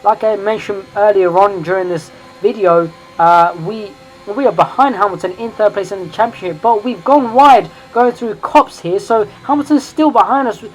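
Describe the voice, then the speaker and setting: A woman giving excited, chatty commentary over her own racing game footage, correcting herself as she goes. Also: mid-range voice, moderate pace, rough recording. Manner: excitable, rising and louder in tense moments; chatty, self-correcting asides. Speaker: sim racing video creator.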